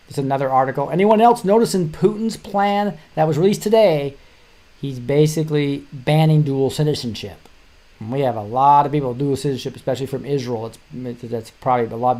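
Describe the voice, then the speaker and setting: This middle-aged show host has a slightly high, somewhat mellow voice. He talks casually through news articles, rambling, restarting often, and letting out short chuckles.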